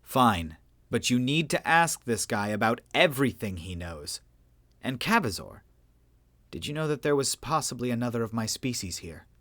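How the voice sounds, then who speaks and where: A man's voice: mid-range voice, sing-song, normal speed, a bit bright, dry recording. A man doing a weary, resigned undying hero. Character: weary man who keeps dying and returning.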